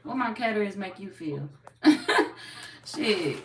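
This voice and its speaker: A woman giving a casual live tarot reading. She talks bluntly and profanely, chats with her viewers, and is slightly hoarse from losing her voice. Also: medium pitch, lively intonation, unhurried. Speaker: tarot reader. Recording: echoey room, distant mic, background noise.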